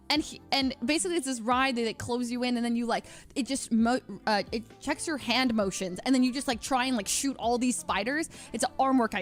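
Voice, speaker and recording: A young woman streamer telling a story in casual chat, excitable and laughing, full of fillers and restarts. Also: on the high side.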